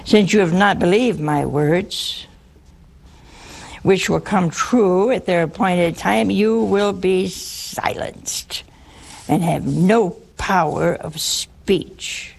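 A woman voicing a solemn male archangel messenger, speaking in slow, deliberate pronouncements. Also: lowish voice, creaky, a little mellow, husky, exaggerated voice. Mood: stern.

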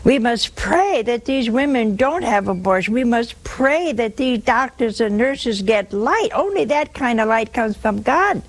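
A woman's voice: on the high side, expressive, a little slow, few pauses, low-quality recording. An older woman hosting a religious call-in show, giving earnest spiritual counsel and repeating words for emphasis.

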